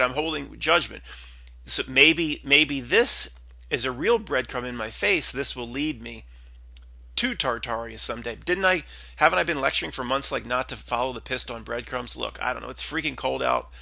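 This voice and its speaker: Gravelly, bright-voiced rambling man. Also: medium pitch, lively intonation, moderate pace, dry recording. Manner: meandering, skeptical, full of restarts and asides. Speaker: podcast host. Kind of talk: rambling casual monologue.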